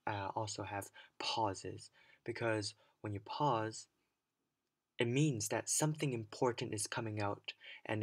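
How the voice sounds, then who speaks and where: A young man teaching English pronunciation for a speaking exam, with a clear, teacherly delivery that demonstrates stress patterns. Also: fairly low pitch, a bit bright. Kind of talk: scripted lesson to camera.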